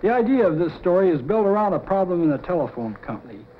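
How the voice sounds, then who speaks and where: A middle-aged man with a high voice pitches a cartoon storyboard, acting out every sound effect with energy. The recording is dull and lo-fi, with a faint hiss underneath. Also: very animated, fast. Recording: dull lo-fi 1950s TV audio.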